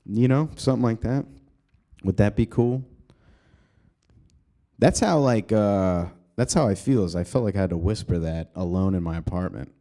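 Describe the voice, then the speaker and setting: A male comedian hosting his own podcast, ranting casually and profanely, rambling with sudden jumps in pitch, recorded in an apartment. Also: normal speed, long pauses, warm tone. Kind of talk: casual solo podcast rant.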